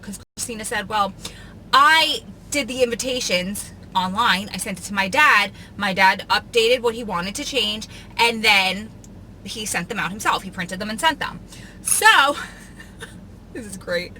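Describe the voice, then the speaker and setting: A middle-aged woman telling a story in a casual, animated vlog, laughing as she talks, filmed on a phone mounted in her car. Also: medium pitch, unhurried, low-quality recording. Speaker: vlogger. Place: inside a car. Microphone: phone mounted on the car vent. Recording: car noise behind the voice.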